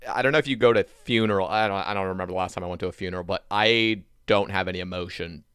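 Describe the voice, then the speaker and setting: A man hosting a podcast, chatting loosely and quickly, swearing often as he tells stories. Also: deep voice, a bit bright, smooth, no room sound, clean studio sound. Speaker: podcast host. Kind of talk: casual podcast chat.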